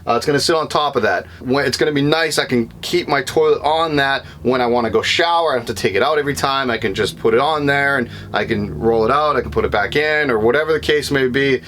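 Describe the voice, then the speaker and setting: A man's voice: medium pitch, quick pace, hardly any pauses, a bit bright, slight background noise. Rambling Boston-accented young man. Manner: rambling, lots of uh and um, self-correcting. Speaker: van life vlogger. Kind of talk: casual vlog walkthrough. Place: inside a van.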